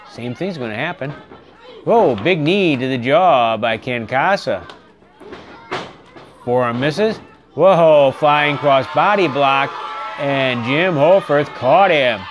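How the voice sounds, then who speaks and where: A man calling a wrestling match play by play, getting excited and shouting on the big moves. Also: on the high side. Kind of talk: play-by-play commentary. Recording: live arena crowd and noise behind. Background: cheering wrestling crowd.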